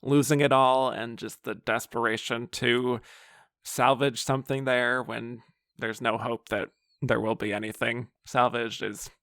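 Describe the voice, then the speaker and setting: A man's voice: mid-range voice, flat delivery, measured pace, a bit bright, dry recording, studio quality. A man hosting a podcast, chatting casually about films with loose phrasing and lots of fillers. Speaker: podcast host. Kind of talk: casual film discussion.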